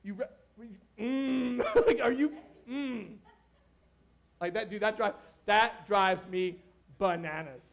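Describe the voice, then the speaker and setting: Guy pastor w a high voice, chatty jokey sermon, lots of little asides to the crowd. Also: slow pace, vocal fry. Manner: animated, joking, talks to the crowd with asides. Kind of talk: casual conversational sermon.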